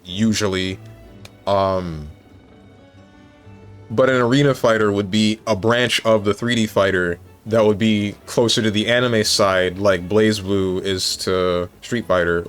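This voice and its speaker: A man talks casually on his live stream in a somewhat low voice, working through his thoughts aloud and correcting himself as he goes. Faint music plays softly behind him. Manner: thinking aloud, musing and self-correcting.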